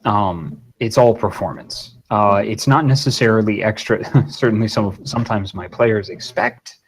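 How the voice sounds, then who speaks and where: Guest man, slightly low voice, easygoing and a bit foul-mouthed, rambling interview answers. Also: normal speed, slight background noise, low-quality recording. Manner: rambling, swears casually. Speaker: guest voice actor and game master. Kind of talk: casual interview talk.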